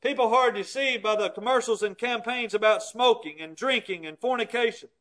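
A man preaching a sermon, telling stories and acting out quoted voices, with sudden drops to a hush. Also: very high voice, brisk. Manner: storytelling, acts out quoted voices, dramatic drops in volume.

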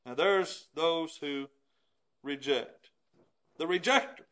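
A man's voice: a little high, measured pace, fairly bright tone. A male preacher giving an emphatic sermon, often asking his listeners rhetorical questions.

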